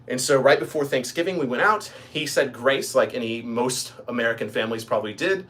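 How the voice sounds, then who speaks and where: A man's voice: medium pitch, expressive, brisk, hardly any pauses, a bit bright. A man from Kentucky hosting a casual livestream, rambling with many ums and restarts. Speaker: livestream host.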